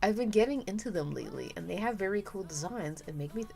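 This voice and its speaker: A young woman chats casually on her art stream, rambling, cutting herself off mid-sentence, and laughing often. Her mid-range voice is expressive and fast with vocal fry. Soft music plays in the background.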